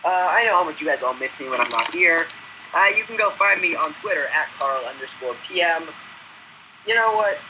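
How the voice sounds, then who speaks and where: A man's voice: fairly high pitch, expressive, brisk, noisy background. A man co-hosting a casual sports podcast, joking at his own expense. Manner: joking, self-mocking. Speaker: podcast co-host.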